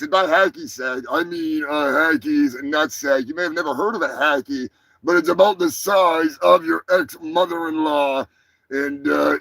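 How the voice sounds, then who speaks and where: Brash gravelly-voiced male host. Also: a little high, dry recording, rough recording. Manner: brash, profane, rambling shout-outs. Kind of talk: crude comedic live show opening.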